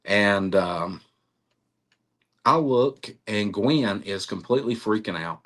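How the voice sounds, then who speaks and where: Middle-aged man, lower voice, animated storyteller, laughs often. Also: slow. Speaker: interviewee, cryptid researcher. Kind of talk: storytelling interview.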